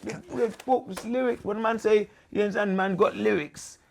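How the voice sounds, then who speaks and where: A man's voice: sits high, fairly even intonation, normal speed, creaky. A man chatting in a casual interview, slangy and repetitive, forever asking "you understand". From England. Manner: slangy street talk, repeats 'you understand'. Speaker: MC, guest.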